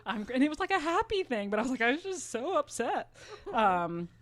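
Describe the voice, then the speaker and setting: A woman's voice: high-pitched, big pitch swings, a little fast. A woman co-hosting a podcast in casual chat, candid and swearing freely, laughing often. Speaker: podcast co-host.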